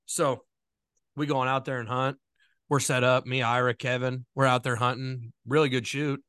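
Laughing, animated male podcast co-host. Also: mid-range voice, clear, resonant tone, dry recording, studio quality. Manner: laughs through his stories, quick and animated. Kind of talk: casual storytelling chat.

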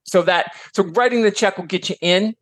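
Fairly quick and high-pitched, with a fairly bright tone, this man is a podcast guest, an author and teacher. In a dry recording he chats casually, wandering into many digressions as he tells stories and swears now and then.

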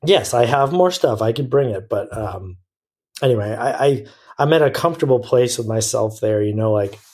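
A man's voice: mid-range voice, animated, moderate pace, a little mellow, slightly rough. A man as a podcast guest, talking frankly in a rambling way, often restarting and correcting himself. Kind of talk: casual interview chat.

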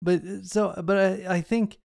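A man's voice: high-pitched, steady tone, normal speed, gravelly, a little mellow, no room sound, studio quality. A man co-hosting a podcast, talking through a movie in a rambling, casual way with lots of asides. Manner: chatty, rambling with fillers and asides. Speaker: podcast co-host.

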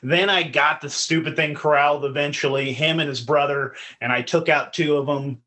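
A man, a podcast guest, telling stories in casual chat, profane and animated. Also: on the high side, normal speed.

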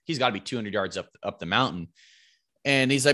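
A man's voice: medium pitch, sing-song, fairly quick, sharp tone, dry recording, clean studio sound. A man, likely in his thirties, casually telling a rambling, profane hunting story and raising his voice to quote his friends.

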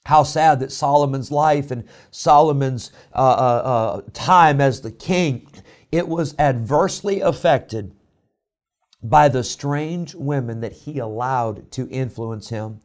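A man preaching a sermon, emphatic and building to loud exhortation, with a tickle in his throat. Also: medium pitch, slow pace. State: throat-clearing, coughing. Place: indoor room.

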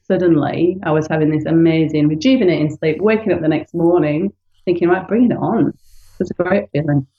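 Speaking fairly quickly in a low voice, this woman from the United Kingdom, in her late 30s, opens up about her life as a guest in a relaxed interview. The recording is echoey, dull and lo-fi.

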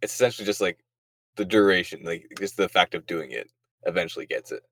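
A man's voice: low voice, expressive, fast, a bit bright, no room sound. A young man co-hosting a podcast, laughing and joking in crude casual chat. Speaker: podcast co-host.

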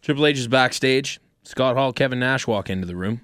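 A young man co-hosting a casual chat, recapping events in a plain, steady run-down. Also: medium pitch, brisk, no echo. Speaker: podcast co-host.

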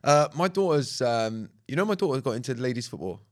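Chatty British man with lively retelling. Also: mid-range voice, fairly quick. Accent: British English. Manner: animated storyteller, slips into others' voices when retelling. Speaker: podcast co-host. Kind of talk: casual chat.

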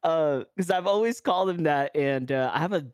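A man's voice: a little high, brisk, clear, resonant tone, no echo, studio quality. A man with a New York accent, a commentator hosting a casual podcast, telling stories animatedly with lots of fillers. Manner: animated storytelling with acted-out quotes and many fillers.

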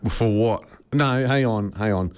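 A man's voice: fairly low pitch, a little slow, clear, resonant tone, dry recording. A man co-hosting a radio show, teasing his partner drily and reading out song links. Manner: dry, teasing. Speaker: radio co-host.

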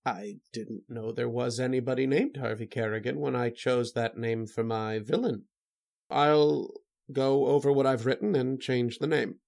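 An actor playing a flustered, indignant mystery writer in a radio drama. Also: male voice, mid-range voice, fairly even intonation, normal speed, creaky, darkish tone, close to an everyday voice. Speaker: Sam Chase. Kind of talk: 1930s radio drama acting.

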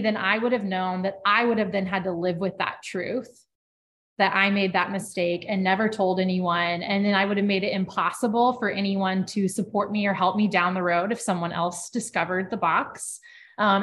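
A woman co-hosting a podcast, telling a personal work story in a casual, lively way with many filler words. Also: mid-range voice, moderate pace, a little hiss or hum. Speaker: podcast co-host.

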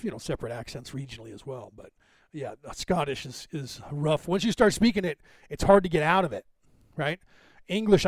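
American guy rambling on his podcast, lots of ums and restarts, kinda high voice, dry sound. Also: dry recording. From United States. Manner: rambling, many fillers and restarts. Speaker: podcast host. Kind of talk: casual commentary.

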